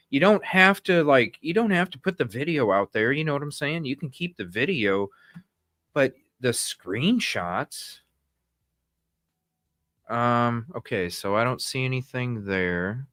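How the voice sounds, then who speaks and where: A man's voice: medium pitch, a bit bright, dry recording, studio quality. A man hosting a live news stream, talking in agitated, indignant bursts that ramble with restarts.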